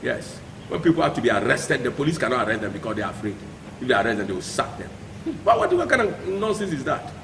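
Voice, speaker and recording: Impassioned Ghanaian pastor, echoey hall. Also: male voice, medium pitch, huge pitch swings, quick pace, noisy background. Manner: impassioned, swings between hushed and shouting. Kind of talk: preaching commentary.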